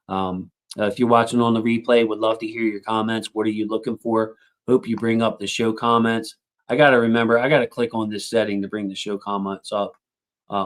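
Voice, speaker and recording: Low-voiced man hosting a livestream. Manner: rambling, warm thanks to chat, frequent fillers. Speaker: sports livestream host. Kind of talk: casual livestream chat.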